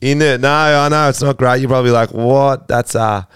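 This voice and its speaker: A man voicing a crude, rambling English man who leaves a voicemail full of swearing and fumbling pauses. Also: medium pitch, fairly even intonation, clean tone, no room sound, studio quality, voice pushed up, close to an everyday voice. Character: crude rambling English man, a brother giving bad news. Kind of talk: improvised comic voicemail bit.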